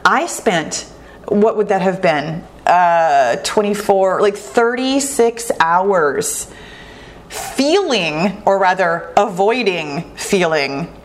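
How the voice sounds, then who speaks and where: A woman hosting a solo talk, speaking earnestly and reflectively, slow and deliberate with lively asides. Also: medium pitch.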